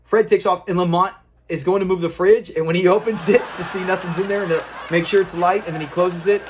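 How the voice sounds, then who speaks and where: A man with a slightly higher voice walks through a classic sitcom episode in an easygoing, chatty way. He keeps breaking into laughter and slips into quick impressions of the characters as he recounts their lines. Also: steady tone, slight background noise. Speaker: show recap host. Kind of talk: casual episode recap.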